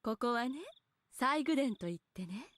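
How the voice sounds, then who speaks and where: A woman's voice: a little high, animated, fast talker. A polite teasing lady. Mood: amused. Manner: soft, polite, amused. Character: composed, teasing adult woman.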